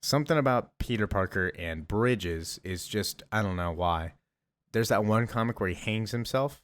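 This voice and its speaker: A man's voice: fairly low pitch, animated, normal speed. A man recapping a comic book story in a casual, chatty, enthusiastic way, with rambling asides.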